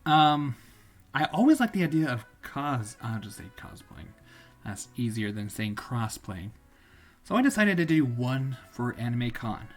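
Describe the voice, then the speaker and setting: A man reads stories on a live stream in a loose, rambling way, often doubling back to fix his words. His voice is a little husky and rises and falls with lively swings in pitch. Faint music plays underneath. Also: unhurried. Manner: rambling, self-correcting, casual. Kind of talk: live-streamed story reading.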